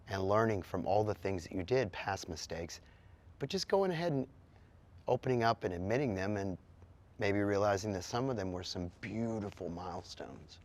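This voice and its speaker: A middle-aged man, a musician, answering interview questions bluntly and with animation. He swears now and then and mimics sounds with his voice. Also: low voice.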